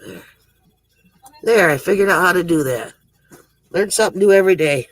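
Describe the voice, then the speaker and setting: A man's voice: high voice, lively intonation, moderate pace, dry recording, rough recording. A man casually telling corny jokes on a livestream, chuckling at his own punchlines and rambling through them. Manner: rambling, self-interrupting delivery. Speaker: livestream joke teller.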